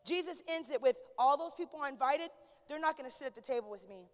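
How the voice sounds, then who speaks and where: Woman pastor, sermon, high voice, long hall reverb, calls out to the congregation. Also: animated, fast talker. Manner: preaching, swings from hushed storytelling to shouted praise.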